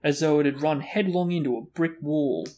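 A man's voice: a little high, normal speed, dark tone. A man reading a fantasy novel aloud as host of a book discussion. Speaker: reader and host.

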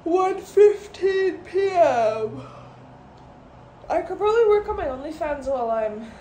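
A woman's voice: extremely high pitch, expressive, unhurried, warm tone, rough recording. A young woman vlogging casually, frank and profane, rambling in exasperation and worn out. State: tired and sweaty. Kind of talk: casual vlog chatter. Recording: phone vlog with clear background noise.

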